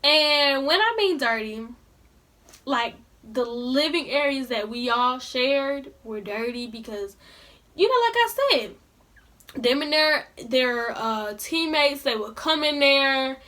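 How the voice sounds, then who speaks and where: A woman's voice: high voice, lively intonation, takes it slowly, bright, forceful tone. A young woman telling a storytime vlog in colloquial speech, indignantly ranting straight to her viewers. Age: young adult. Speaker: vlogger.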